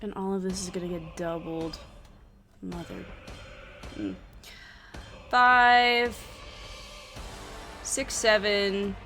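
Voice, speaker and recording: A woman playing and narrating a solo tabletop adventure, counting dice aloud and flaring into loud frustration. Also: mid-range voice, expressive, slow pace, long pauses. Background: faint background music.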